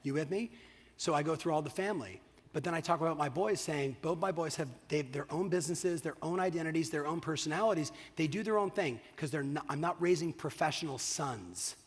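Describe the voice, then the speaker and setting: Man, motivational keynote, fairly high voice, husky, big hall reverb. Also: fairly quick. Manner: energetic, profane, asks the crowd "you with me?". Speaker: keynote speaker. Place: large hall on stage.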